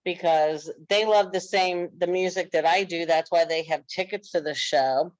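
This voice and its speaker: A woman's voice: fairly low pitch, moderate pace, no room sound, rough recording. A woman telling stories in a casual, earnest podcast chat. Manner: earnest, animated storytelling.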